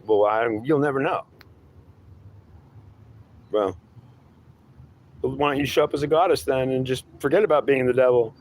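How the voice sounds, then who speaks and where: A man's voice: mid-range voice, normal speed, long pauses, voice pushed up, close to an everyday voice. A man voicing a menacing male devil who claims to be god, taunting and threatening, calling the listener boy, in an improvised two-voice monologue.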